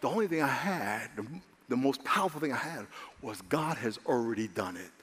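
Animated preacher in a reverberant hall. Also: male voice, medium pitch, fairly quick, husky. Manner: animated, rising to excited shouts; calls for amens from the congregation. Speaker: pastor. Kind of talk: sermon.

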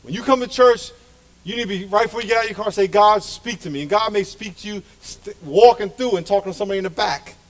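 A man's voice: high-pitched, fast talker. A middle-aged male pastor preaching a sermon to his church with passionate, emphatic delivery. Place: church sanctuary.

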